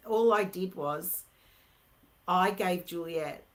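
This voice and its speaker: A woman's voice: lowish voice, takes it slowly, low-quality recording. A middle-aged woman, a mother who is a guest, speaking reflectively in a casual conversation.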